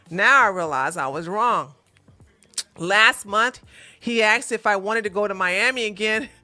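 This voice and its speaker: A woman's voice: medium pitch, pushed and bright. A woman hosting a relationship advice livestream, reading out a viewer's question and answering bluntly with sassy, mocking remarks.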